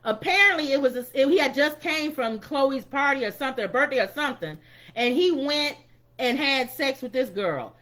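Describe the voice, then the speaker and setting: Brief: a lively woman co-host with a high, bouncy voice, chatty and dramatic as she retells gossip. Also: normal speed. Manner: animated storyteller who acts out quotes, with frequent restarts. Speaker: podcast co-host. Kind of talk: casual chat, retelling a reality show.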